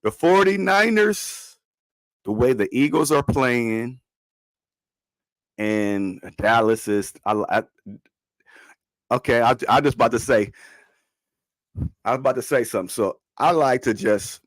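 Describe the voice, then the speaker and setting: A man hosting a podcast in casual sports talk, animated, slangy and repeating himself. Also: medium pitch, measured pace, long pauses, no echo, clean studio sound. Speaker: podcast host.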